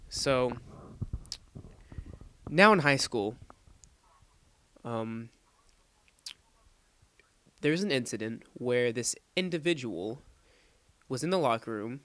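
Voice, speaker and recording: A man's voice: mid-range voice, no room sound. A young man in his late teens casually telling a rambling, crude story over gameplay footage. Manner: rambling, crude, animated retelling. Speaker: gaming commentator.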